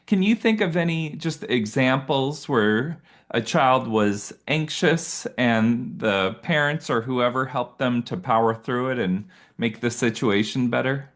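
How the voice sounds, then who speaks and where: A man's voice: medium pitch, measured pace, few pauses, fairly bright tone. A man hosting a parenting podcast interview, upbeat and affirming with his guest. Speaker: podcast host.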